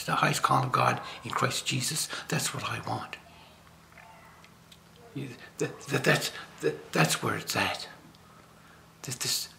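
A man's voice: mid-range voice, pushed and bright, slight background noise. An older man from Nova Scotia giving an informal spiritual talk as a lay preacher, rambling and jokey with many restarts. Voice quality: gravelly.

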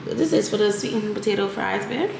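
A chatty, playful woman hosting her own home vlog and tossing out little exclamations. Her voice rings around a roomy, echoey kitchen, with steady noise in the background. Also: medium pitch, a little fast, gravelly. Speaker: lifestyle vlogger. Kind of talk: casual vlog chat.

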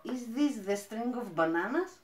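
A woman from Greece with a Greek accent, chatting as she unboxes plants, gushing and halting with fillers. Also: a little high, expressive, echoey room, a little hiss or hum. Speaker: plant vlogger. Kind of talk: casual unboxing chat.

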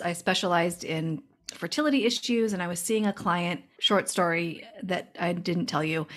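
A woman hosting a podcast interview and telling a personal story in an earnest, emotional way. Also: lowish voice. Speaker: podcast host and medium. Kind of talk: casual interview chat.

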